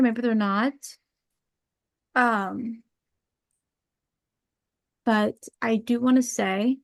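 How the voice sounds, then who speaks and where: A woman's voice: on the high side, no echo. Earnest woman on a podcast, dry sound. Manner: earnest, emotional, halting with fillers. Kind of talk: casual podcast chat.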